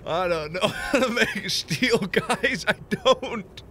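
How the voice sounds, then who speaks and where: An excitable man commentating his own gameplay, his voice leaping up and down. He talks slowly and deliberately, with a bright, forceful tone, and moves between loud squeals and muttered asides. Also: sits high, a little hiss or hum. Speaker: gaming channel host. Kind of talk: let's play commentary.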